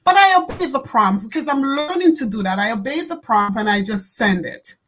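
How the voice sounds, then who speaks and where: A woman hosting an online talk show, speaking earnestly and warmly, repeating words and laughing often. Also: fairly high pitch, animated, fairly quick, slight background noise, rough recording. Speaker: host.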